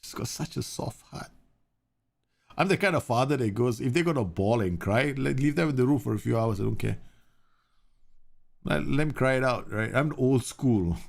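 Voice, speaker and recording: A man's voice: mid-range voice, lively intonation, moderate pace, gravelly, long pauses. A man in his thirties, a game streamer, chatting casually and rambling animatedly through a live stream.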